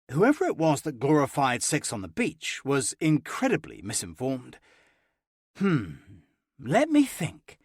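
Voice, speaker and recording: A man narrating a first-person romance audiobook with an expressive, playful reading. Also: medium pitch, no room sound, clean studio sound.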